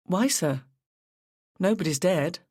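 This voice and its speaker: A tired, shaken woman detective , voiced by an audiobook narrator, who answers quietly and keeps her replies short. Her voice sits a little higher than the narration and sounds dry, with no room around it. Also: expressive, slow pace, breathy edge, dry recording.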